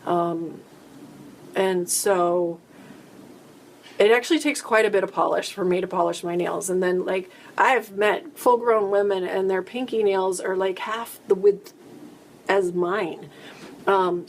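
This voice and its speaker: A woman's voice: mid-range voice, measured pace. A woman hosting a casual live-stream chat, answering viewer questions in a rambling, chatty way that often breaks off mid-sentence. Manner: chatty, rambling, self-interrupting.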